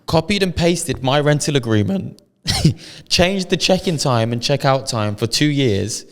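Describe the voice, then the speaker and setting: A man's voice: mid-range voice, animated, measured pace, in a large hall. A British man co-hosting a podcast, telling a story in casual chat full of slang and swearing. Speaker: podcast co-host.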